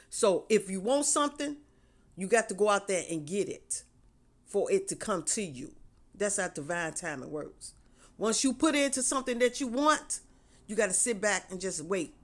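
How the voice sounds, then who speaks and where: A woman's voice: mid-range voice, a bit bright. Woman giving repetitive faith encouragement. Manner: repetitive, preachy, conversational. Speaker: faith vlogger. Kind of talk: casual spoken encouragement.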